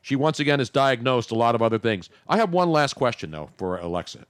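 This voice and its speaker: A man hosting a radio talk show, joking and animated in casual banter. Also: mid-range voice, quick pace, no echo, clean studio sound. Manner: animated, jokey, talks over co-host.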